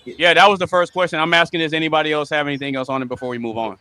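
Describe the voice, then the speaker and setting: Bright-voiced man hosting a podcast panel. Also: a little high, steady tone, clear, resonant tone. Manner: quick-witted, teasing, steers the questions. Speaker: host. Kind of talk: casual podcast discussion.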